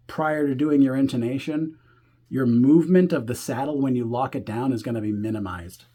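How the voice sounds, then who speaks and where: Husky man explaining a guitar setup. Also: mid-range voice. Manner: relaxed, talks while working, thinks aloud with fillers. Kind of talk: hands-on tutorial explanation.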